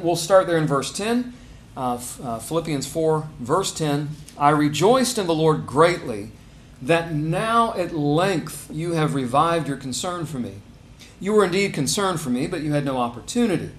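Conversational male preacher, slightly high voice. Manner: conversational, rising to emphatic stresses on key phrases. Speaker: pastor. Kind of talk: sermon.

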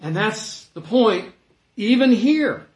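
A man preaching a sermon in an animated way, acting out the voices he quotes. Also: high-pitched, slow pace. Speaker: pastor. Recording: echoey room.

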